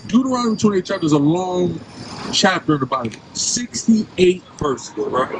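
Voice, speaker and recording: A man preaching outdoors on a city street, questioning passersby and repeatedly asking "right?". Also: high-pitched. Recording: street noise and traffic.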